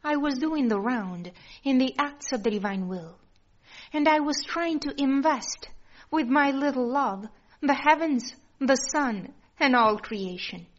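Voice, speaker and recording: A woman reads a devotional text with soft reverence. She speaks very slowly and a little high. The sound is dull and lo-fi. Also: animated. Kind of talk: slow devotional reading. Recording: dull lo-fi recording.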